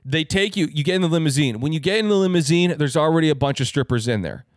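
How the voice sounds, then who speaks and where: A man's voice: a little high, expressive, fast talker, dry recording, clean studio sound. A young man co-hosting a podcast, rambling through a story with lots of fillers. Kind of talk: casual chat.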